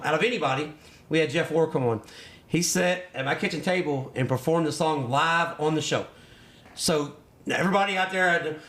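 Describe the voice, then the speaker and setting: A man's voice: a little high, a bit bright. A man hosting a casual podcast chat, a former racer who talks loosely, laughs often and swears casually. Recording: echoey room.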